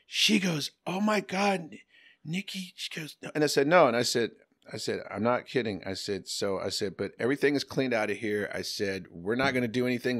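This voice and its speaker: A middle-aged man telling a story in a casual chat, animated and profane, acting out the people he quotes. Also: on the low side. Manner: animated, swearing, acts out quotes in other voices. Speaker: podcast guest.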